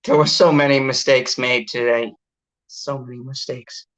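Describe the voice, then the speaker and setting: A woman's voice: normal speed, lo-fi sound. Ranting, exasperated woman reviewing movies. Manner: exasperated, swearing, ranting with animated pitch jumps. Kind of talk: casual movie review chat.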